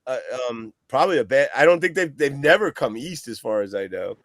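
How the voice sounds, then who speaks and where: A man's voice: mid-range voice, sing-song, brisk, no echo, studio quality. A man guest on a podcast chatting casually about a record, rambling, swearing and laughing often. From East Coast of the US. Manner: rambling, profane, laughs a lot.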